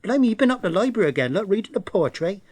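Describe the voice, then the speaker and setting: Man putting on a brash West Country woman, high and loud, cheeky, sarcastic, dry close sound. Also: very animated, very fast, dry recording. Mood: mocking. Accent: West Country English.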